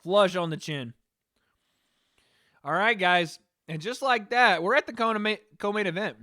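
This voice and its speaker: A man with a high voice hosts a live stream, giving casual, rambling reaction commentary. He talks loosely to his chat and swears now and then. The sound is dry and close. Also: a little slow, no echo. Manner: relaxed, rambling, profane, talking to chat.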